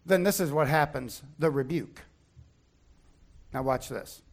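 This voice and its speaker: A man preaching a sermon, retelling a Bible story in an animated way and acting out the characters' lines. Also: fairly high pitch, unhurried, vocal fry. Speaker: pastor.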